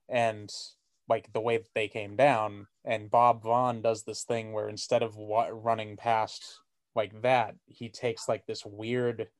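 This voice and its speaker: A man's voice: mid-range voice, no room sound. A man in easygoing podcast chat, his voice sitting in an ordinary middle register. He wanders through his thoughts with constant "like"s and casual profanity. The sound is tight and dry, with no room around it. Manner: rambling, lots of "like", swears freely. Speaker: podcast co-host. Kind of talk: casual movie discussion.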